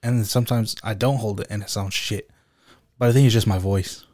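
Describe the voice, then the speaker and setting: Low-voiced blunt slangy podcast guy. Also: steady tone, fairly quick, a little mellow, no room sound, clean studio sound. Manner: blunt, swears a lot, slangy. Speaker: podcast co-host. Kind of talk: casual banter.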